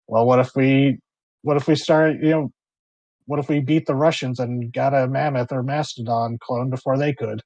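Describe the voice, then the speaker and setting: A man's voice: medium pitch, steady tone, normal speed, a little mellow, no room sound, muffled recording, close to an everyday voice. Man doing a weary, fed-up preserve official. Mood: exasperated. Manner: sighing, hesitant, fed up.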